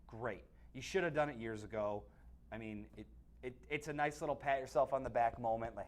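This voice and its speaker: A man's voice: mid-range voice, a little fast. A man co-hosting a sports webcast, giving blunt opinions on football in casual talk that is full of restarts. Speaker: sports analyst co-host.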